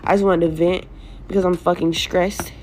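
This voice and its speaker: A woman's voice: on the low side, little pitch movement, moderate pace. A young single mother venting in a social media clip, exasperated and swearing, with faint noise behind her. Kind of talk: emotional social media vent.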